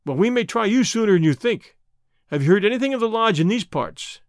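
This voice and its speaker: A man voicing a gruff, menacing middle-aged gang boss who questions bluntly in an audiobook reading. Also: high voice, animated, brisk, dry recording, clean studio sound, pitched above the performer's own voice.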